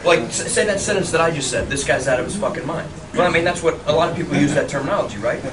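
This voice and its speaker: A man in casual storytelling, animated and laughing, cursing freely through his anecdotes. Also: fairly high pitch, racing, background noise. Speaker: actor guest. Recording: echoey venue, far mic, loud crowd.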